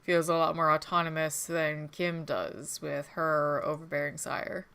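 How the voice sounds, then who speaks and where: Woman storyteller running the table: bright, very clear voice, narrates scenes patiently with fillers. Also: deep voice, fairly even intonation, a little slow. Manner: descriptive narration with many "uh"s. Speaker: game master.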